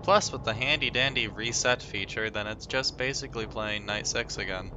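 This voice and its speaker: Tired, monotone man streaming a game. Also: on the low side, normal speed, background noise. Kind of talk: casual let's-play commentary. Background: game music.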